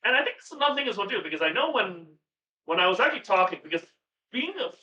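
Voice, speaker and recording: A man in casual chat as a podcast guest, rambling and excitable, swearing now and then, on a video call. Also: high voice, fast. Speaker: podcast guest, cooking streamer. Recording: far-off, roomy, dull sound with hum.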